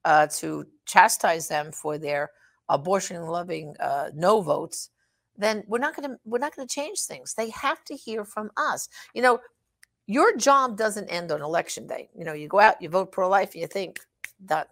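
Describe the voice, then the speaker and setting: A woman's voice: lowish voice, animated, moderate pace, fairly bright tone. A middle-aged woman giving an emphatic advocacy talk straight to her listeners, urging them to act, with fillers and restarts. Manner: emphatic and exhortative, frequent fillers. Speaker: pro-life advocate. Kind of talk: direct address advocacy talk.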